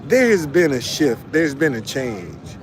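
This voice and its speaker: An online commentator gives a casual, preachy motivational talk, answering viewers along the way while repeating phrases and often starting over. His medium-pitched voice is very animated and a little slow, with noise in the background.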